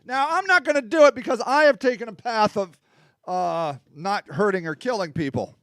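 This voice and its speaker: A man's voice: high voice, expressive, normal speed, a bit bright, no echo, studio quality. A middle-aged man hosting a casual political talk show, rambling and growing heated and emphatic as he rants. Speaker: livestream host.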